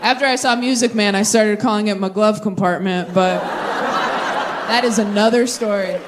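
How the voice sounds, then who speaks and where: A woman in her thirties performing a stand-up set, riffing quickly and mocking herself as she works the crowd. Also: mid-range voice, fairly even intonation. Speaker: stand-up comedian. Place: large comedy venue with a live audience. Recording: live stage recording with audience noise.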